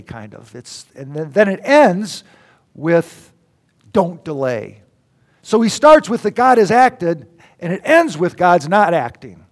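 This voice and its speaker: A middle-aged man preaching a sermon, swinging between loud exclamations and near whispers. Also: a little high. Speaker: pastor.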